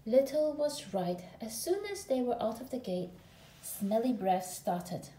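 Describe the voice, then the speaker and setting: A woman reading a children's picture book aloud in an expressive, drawn-out way. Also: a little high, slight background noise. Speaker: storyteller. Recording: echoey room.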